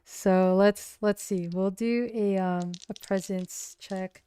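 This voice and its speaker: Slow, clear woman rambling through a solo game. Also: mid-range voice, steady tone, warm tone, dry recording. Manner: rambling, full of likes and ums, giggly. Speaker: solo tabletop player and streamer. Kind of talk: casual livestream game narration.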